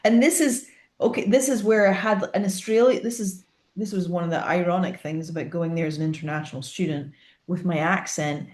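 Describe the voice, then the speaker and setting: A woman from northeast Scotland with a Scottish accent, co-hosting a casual podcast chat and telling stories in an animated way. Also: fairly low pitch, fairly quick, roomy sound. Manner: animated storytelling, acts out quoted voices. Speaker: podcast co-host.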